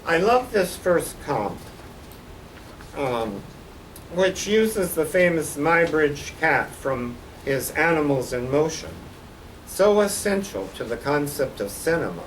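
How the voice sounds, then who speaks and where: An older man, a guest artist, gives a slide-show lecture about his posters with dry, wry humor. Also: a little high. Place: college lecture hall. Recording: distant mic with faint background noise.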